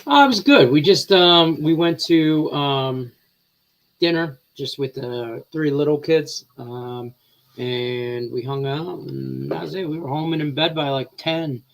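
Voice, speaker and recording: A man's voice: fairly high pitch, measured pace. A man in his thirties co-hosts a casual chat show. He tells stories in a loose, rambling way, full of fillers, casual swearing and laughter. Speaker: co-host.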